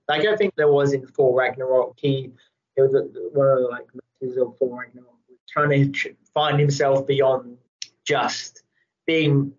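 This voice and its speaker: A man's voice: mid-range voice, highs cut off. A man chatting casually as a podcast co-host, rambling with many fillers, laughing often and swearing freely. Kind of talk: casual chat.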